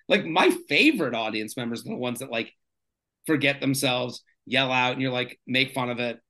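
A man's voice: medium pitch, normal speed. A man, a stand-up comedian guest, telling stories in a casual, rambling chat full of fillers. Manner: rambling, filler-heavy, animated storyteller.

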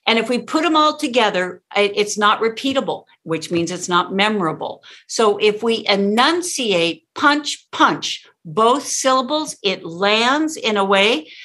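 A woman's voice: mid-range voice, animated, measured pace, hardly any pauses, a bit bright. A woman speaking coach talking in a conversation, emphatic and demonstrative, acting out how lines should be delivered.

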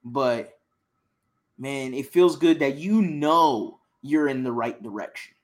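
A young man from Houston co-hosting a casual sports chat, passionate and excitable, often repeating himself. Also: medium pitch, slow. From Houston, Texas. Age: young adult. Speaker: sports podcast co-host.

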